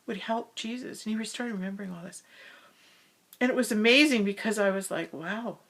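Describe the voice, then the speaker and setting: Gravelly-voiced woman telling a personal story. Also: medium pitch. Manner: storytelling, slips into soft whispers. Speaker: spiritual speaker. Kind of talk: personal spiritual monologue. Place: hall in her house.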